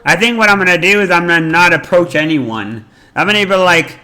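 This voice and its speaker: A male streamer in casual chat, talking in a rambling, animated way and swearing freely. His voice sits a bit high and has a bright, forceful tone. Faint game music plays behind him. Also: fairly quick, hardly any pauses.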